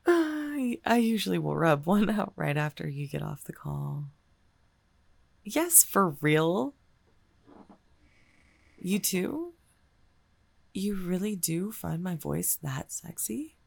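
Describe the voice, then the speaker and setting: A young woman voicing a shy gamer girl confessing her feelings in a whispered role-play, breathy and halting. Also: fairly low pitch, very animated, no room sound, heavily acted. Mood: intimate. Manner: breathy, sighing, halting, flustered. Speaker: audio role-play performer.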